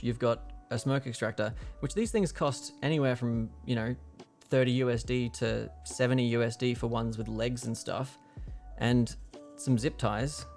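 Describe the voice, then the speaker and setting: A man's voice: mid-range voice, gravelly, darkish tone. A young man casually explaining a keyboard build on a livestream, rambling with lots of fillers. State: hiccuping.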